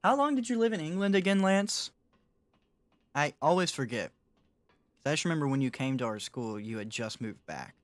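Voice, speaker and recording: A man's voice: a little high, lively intonation, normal speed, pauses often, no echo. Chatty young man streaming a game. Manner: casual, chatty, reads and answers chat, laughs often. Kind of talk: live-stream gaming chat.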